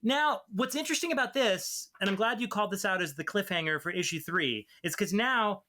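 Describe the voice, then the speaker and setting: A man's voice: high voice, fairly quick, bright, forceful tone, a little hiss or hum. A man co-hosting a podcast, breaking down a comic's story in articulate casual chat, swearing freely. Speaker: podcast co-host.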